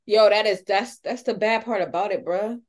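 A woman's voice: mid-range voice, moderate pace. A woman co-hosting a podcast in casual chat, slangy and wryly self-mocking. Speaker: podcast co-host.

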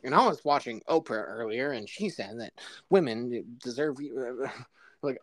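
Lively casual man, laughing and swearing. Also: medium pitch, unhurried, no echo. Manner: laughing, swearing, loose storytelling. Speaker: podcast co-host. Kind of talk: casual chat.

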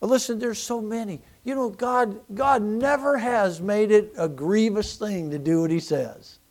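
A man preaches to his congregation in church, his voice sitting high for a man. He talks in a folksy way, tripping over repeated words as he restarts his sentences. He swings from loud emphasis to quiet, hushed asides. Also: a little slow. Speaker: pastor. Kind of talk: sermon.

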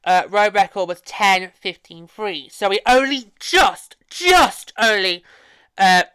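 A woman's voice: mid-range voice, very animated, takes it slowly, fairly bright tone, clean tone, dry recording. A woman hosting a hockey podcast, talking casually and emotionally, rambling with frequent restarts. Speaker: podcast host.

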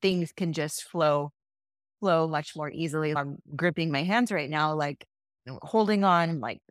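A woman with a notably low voice talking as a breakup coach on a podcast. She speaks casually and animatedly, acting out what people say to themselves, and the recording is close and dry. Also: a little slow, no echo. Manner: warm-hearted, animated, acts out quotes.

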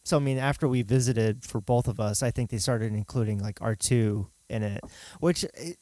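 A man hosts a casual chat, rambling along in a relaxed way. His voice sits at an ordinary pitch for a man. The recording is dry and close to the mic. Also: moderate pace, no room sound. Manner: relaxed, rambling, many fillers.

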